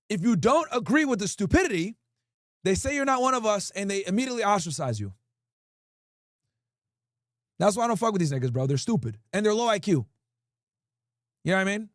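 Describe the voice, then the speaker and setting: High-voiced blunt male streamer. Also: fairly bright tone, no room sound, clean studio sound. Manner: blunt, profane, talks straight to chat. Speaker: livestream host. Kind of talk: casual livestream chat, reading viewer comments.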